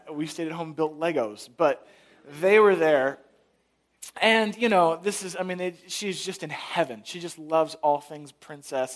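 A man in his thirties preaching a sermon, telling a family story and acting out the voices of his wife and little daughter. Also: on the high side. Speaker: pastor.

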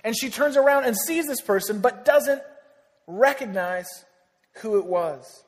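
A man preaching a sermon in a big church hall, his fairly high voice ringing out with a long reverb. He keeps it casual and joking with the congregation, then sinks to a near hush on the lines that matter most. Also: unhurried. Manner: conversational preaching with jokes, dropping to a hushed voice on key lines. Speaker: pastor.

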